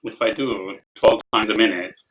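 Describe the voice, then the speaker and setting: A man's voice: lowish voice, fairly even intonation, moderate pace, fairly bright tone, dull audio. A man tutoring algebra over a video call, patient, repeating his prompts and checking for understanding. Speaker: math tutor. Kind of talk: online tutoring session.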